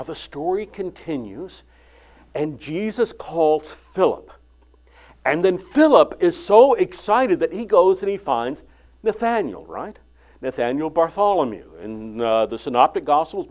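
An older man preaching a sermon, retelling the Bible story and acting out its dialogue with lively inflection. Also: on the high side. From California.

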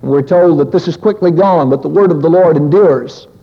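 An earnest male preacher giving a measured, reflective sermon in a slightly high, husky voice. The old lo-fi recording carries a long hall reverb.

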